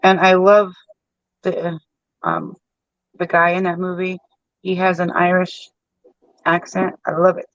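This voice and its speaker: A man's voice: sits high, lively intonation, a little slow, pauses often, fairly bright tone, dry recording, muffled recording. A man chatting casually while face painting, rambling with lots of fillers.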